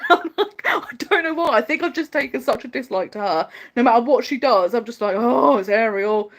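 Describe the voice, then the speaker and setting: A woman hosting a casual livestream, chatting in a loose, rambling way. Her fairly high voice swoops up and down with lots of animation. She is opinionated and laughs often. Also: sing-song, fairly bright tone. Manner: chatty, fast-flowing, many "like" fillers. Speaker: livestream host.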